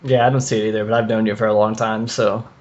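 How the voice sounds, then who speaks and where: Deadpan man with dry short replies. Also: lowish voice, fast, dull audio. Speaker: podcast co-host. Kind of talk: casual podcast chat.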